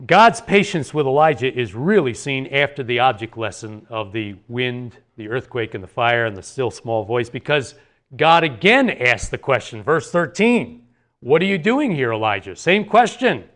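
A man's voice: mid-range voice, expressive, normal speed, a bit bright. A man giving an earnest Bible teaching talk, explaining a passage verse by verse with rhetorical questions.

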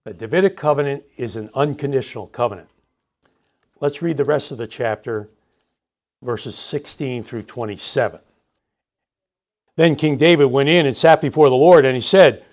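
Bible teacher, male, fairly high voice, emphatic reading of scripture. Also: normal speed.

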